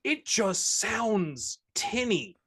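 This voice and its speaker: A man co-hosting a casual podcast, ranting in a profane, animated way. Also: sits high, extremely slow, husky. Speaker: co-host.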